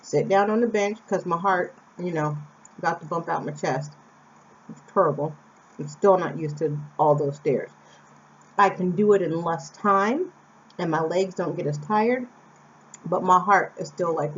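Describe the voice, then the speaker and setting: Her fairly low voice comes a little slowly, and the slightly dull lo-fi recording carries a bit of hiss or hum. She's a young American vlogger from Phoenix, Arizona, sharing a personal story in a casual, chatty way with asides to the viewer.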